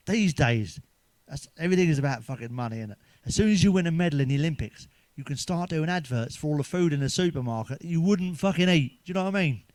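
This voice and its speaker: Crude stand-up, middle-aged man, slightly high voice, dry close sound, swears freely. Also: expressive, fast, darkish tone, no room sound. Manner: crude, swearing, laughs at own jokes. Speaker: stand-up comedian. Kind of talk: stand-up jokes told to camera.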